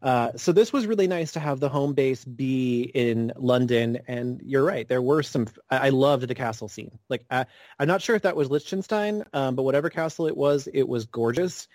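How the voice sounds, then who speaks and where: A man's voice: medium pitch, moderate pace, a little mellow, no echo. A man co-hosting a podcast, talking in a loose, rambling way that keeps doubling back on itself. His voice sits mid-range and sounds close and dry, with no room around it. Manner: rambling, self-correcting with many restarts. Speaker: podcast co-host. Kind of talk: casual chat.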